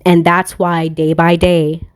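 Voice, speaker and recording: A woman with a lowish voice muses aloud in a loose spiritual monologue as a tarot reader. She rambles, swears freely and laughs at her own thoughts. The sound is dry and close. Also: flat delivery, slow, clean tone, dry recording. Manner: rambling, profane, laughs often.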